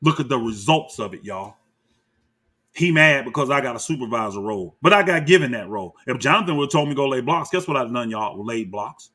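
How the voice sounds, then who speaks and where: Here a commentator reacting to clips speaks fairly quickly in a mid-range, somewhat breathy voice. His commentary is heated and combative: he calls people out by name and turns to his viewers, addressing them as y'all with animated energy.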